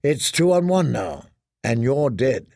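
A man's voice: mid-range voice, very animated, unhurried, gravelly, darkish tone, no echo, clean studio sound. A man doing a stern young sword commander. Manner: curt, commanding.

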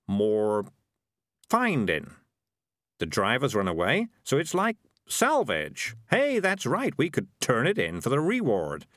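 A man's voice: medium pitch, wildly swooping pitch, takes it slowly, a bit bright, no room sound, full character voice. A man voicing a cheerful, scheming male talking cat with a wheedling, persuasive manner, in a dry close recording.

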